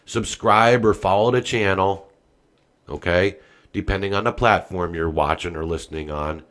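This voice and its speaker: A man hosting a political podcast, talking in a profane ranting style that swings from quiet muttering to loud shouting. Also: low-pitched, moderate pace. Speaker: podcast host. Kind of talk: political commentary rant.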